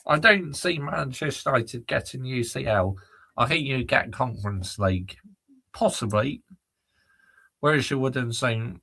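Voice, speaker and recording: A man's voice: mid-range voice, measured pace, vocal fry, bright, forceful tone, slightly rough. A man hosting a football channel, reading out viewer comments and ranting back at them in exasperation. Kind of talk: live chat reaction rant.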